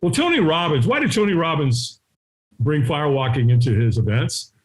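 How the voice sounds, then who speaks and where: As a guest on a podcast, a middle-aged man tells a story in a punchy, animated style, often closing sentences with "right?" and quickly switching voices to play the characters. His pitch is slightly high, and the recording quality is low. It's storytelling within a conversational interview.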